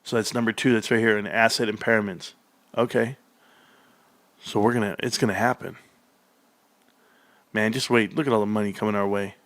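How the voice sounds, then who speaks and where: A male livestream host reacting excitedly to an earnings report, reading figures aloud and bursting into shouts. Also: lowish voice, normal speed, pauses often, no room sound. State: out of breath.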